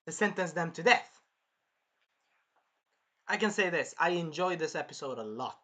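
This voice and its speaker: A reviewer excitedly recapping an anime episode, acting out the characters' shrieks and cries and often losing track mid-sentence. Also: medium pitch, moderate pace. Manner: animated, acts out shrieks and cries; rambling, loses track and restarts.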